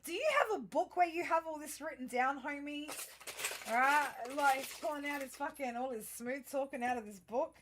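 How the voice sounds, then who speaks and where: A high-pitched woman at a moderate pace gives a casual tarot and astrology reading, speaking directly to her viewers with background noise behind her. She rambles and swears, chatty and full of fillers, often interrupting and restarting herself.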